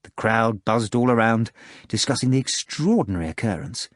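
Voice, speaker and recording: Guy reading an audiobook, expressive and dramatic, mid pitch, dry close mic. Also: moderate pace, no room sound. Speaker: audiobook narrator. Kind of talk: scripted narration.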